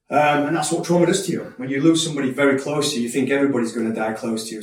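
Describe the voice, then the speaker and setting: A man telling his life story in a candid, earnest way, often repeating words as he restarts. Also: mid-range voice. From Yorkshire, England. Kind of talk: personal testimony talk. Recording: echoey room from a distance.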